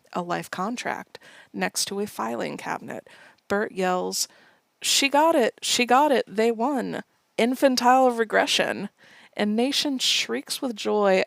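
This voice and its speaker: Co-hosting a podcast, a woman recaps a movie scene by scene in playful, casual chat, acting out quoted lines in bursts. Her voice is medium-pitched with vocal fry, recorded without echo.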